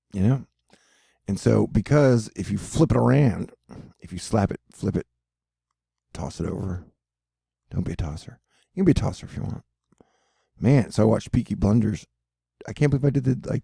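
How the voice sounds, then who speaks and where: This is the host of a weather and space video, a man who rambles casually over weather maps, swearing, joking and drifting off his train of thought. His voice sits on the low side, creaky and warm with a breathy edge. The sound is clean and studio-grade, with no echo.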